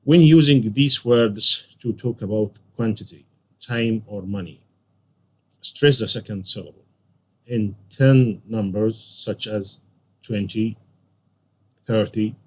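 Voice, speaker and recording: A man's voice: on the low side, fairly bright tone, breathy edge. A male English teacher walking through a textbook lesson, patiently going over questions and repeating the answers. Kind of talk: classroom lesson walkthrough.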